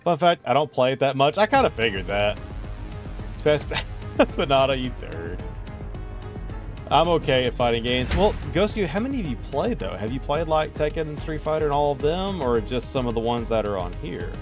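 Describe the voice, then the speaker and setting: A man's voice: mid-range voice, sing-song, moderate pace, music in the background. A man hosting a casual gaming stream, playful and teasing as he chats with viewers while playing. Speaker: streamer host.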